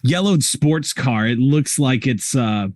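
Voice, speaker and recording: A man's voice: medium pitch, lively intonation, takes it slowly, a little mellow, no room sound. Guy gm narrating a tabletop game, lots of ums, dry close mic. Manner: vivid descriptive narration with frequent ums. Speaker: game master.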